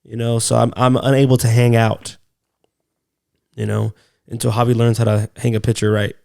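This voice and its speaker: Gravelly man telling stories casually. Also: medium pitch, flat delivery, moderate pace, darkish tone. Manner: loose, profane storytelling. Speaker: podcast co-host. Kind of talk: casual chat.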